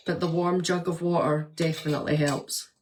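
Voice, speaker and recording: Chatty woman vlogger with a lowish voice. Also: normal speed. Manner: chatty, laughs often, animated retelling. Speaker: vlogger and nurse. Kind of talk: casual chat answering viewer comments.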